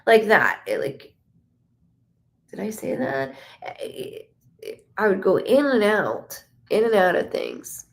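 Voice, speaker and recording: Soft-spoken woman medium, slightly gravelly. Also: medium pitch, sing-song. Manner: relays a spirit's words in first person; soft, halting, full of restarts. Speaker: psychic medium. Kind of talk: live-stream reading.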